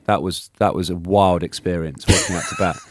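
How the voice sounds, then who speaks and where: A man in his thirties speaks with a low pitch, eager and animated as he recounts stories. He laughs often and stumbles over restarts. The sound is close and dry, with no room echo. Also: brisk. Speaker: guest, former cricketer. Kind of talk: casual storytelling interview.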